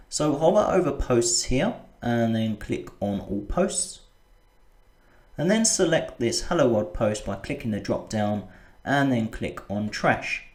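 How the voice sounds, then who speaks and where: Tutorial voice-over: patient man giving step-by-step instructions, mid-pitched, slightly roomy sound. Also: darkish tone. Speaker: web design tutor. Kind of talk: screen-recorded software tutorial.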